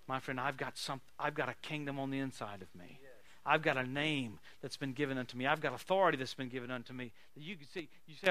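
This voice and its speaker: Bright-voiced animated male preacher. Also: mid-range voice, fast talker. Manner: animated, folksy, laughing storytelling. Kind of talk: sermon with storytelling.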